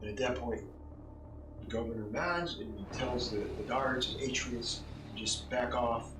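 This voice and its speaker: A man narrating as game master of a tabletop game, pausing often between phrases. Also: mid-range voice, background noise. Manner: slow, halting narration with pauses. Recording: echoey room, mic at a distance, music behind.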